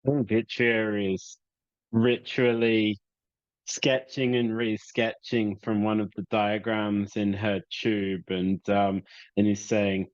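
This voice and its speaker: A man playing a tabletop game, narrating his character slowly and thoughtfully. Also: lowish voice, flat delivery, dry recording. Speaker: player. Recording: slightly muffled lo-fi mic.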